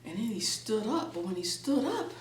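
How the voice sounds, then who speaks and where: A woman telling a folktale to an audience, playful and expressive. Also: mid-range voice, moderate pace. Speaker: storyteller and educator. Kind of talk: folktale storytelling to a live audience. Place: presentation room at a library. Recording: roomy, distant mic, faint background.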